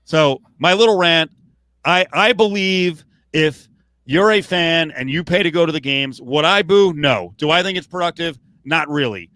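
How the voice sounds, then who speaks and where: A man's voice: on the high side, animated, normal speed, sharp tone, no echo. A man co-hosting a late-night sports podcast, ranting with heated, profane outbursts. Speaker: podcast co-host.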